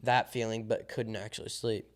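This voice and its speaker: A young man from Southern Illinois, co-hosting a podcast in casual chat, telling a lively story full of ums and likes. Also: lowish voice, moderate pace. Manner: animated storyteller, acts out quoted dialogue, many ums and likes. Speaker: podcast co-host.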